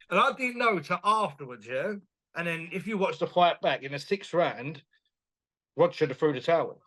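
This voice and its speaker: A man, a boxing promoter chatting as a guest in an interview, animated and quick to laugh. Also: on the high side. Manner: animated, enthusiastic, laughs often, retells dialogue. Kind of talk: casual interview chat.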